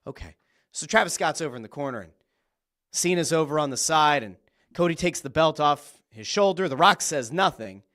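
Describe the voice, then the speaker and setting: Male podcast host, fairly high voice, very lively delivery, excitable storyteller who swears casually. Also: moderate pace. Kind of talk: solo wrestling commentary podcast.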